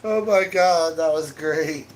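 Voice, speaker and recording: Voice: medium pitch, slow, a little hiss or hum. A co-streamer in casual chat, throwing dry teasing jokes back at the storyteller.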